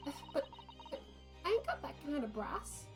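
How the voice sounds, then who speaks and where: A frightened young working-class woman stammers out her side of things in a put-on Irish accent, as a woman voices her. Her voice sits a little high, with soft game music underneath. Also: huge pitch swings, moderate pace. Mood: nervous. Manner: nervous, hesitant. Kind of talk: game dialogue read aloud.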